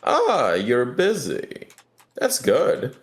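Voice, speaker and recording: A man's voice: medium pitch, huge pitch swings, extremely slow, exaggerated voice. A man voicing a smug middle-aged publishing company president who talks down with teasing condescension.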